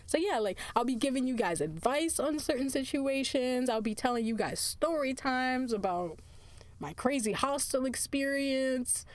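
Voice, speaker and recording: A woman's voice: high voice, lively intonation, normal speed, no room sound. A woman hosting her own podcast in casual solo chat, tired, chatty and laughing often, drifting into asides. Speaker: podcast host.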